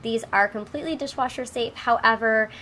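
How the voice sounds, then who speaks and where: A woman's voice: fairly high pitch, brisk, sharp tone, a little hiss or hum. A woman in her thirties, sounding a little nasal from a cold, chatting upbeat with small fillers while she cleans her kitchen. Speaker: home vlogger. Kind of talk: casual talk over cleaning footage.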